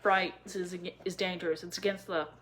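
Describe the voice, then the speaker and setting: A woman voicing a kind, protective young male hobo with a Texan accent, speaking calmly and earnestly in a storybook reading. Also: fairly low pitch, moderate pace, natural voice, poor audio.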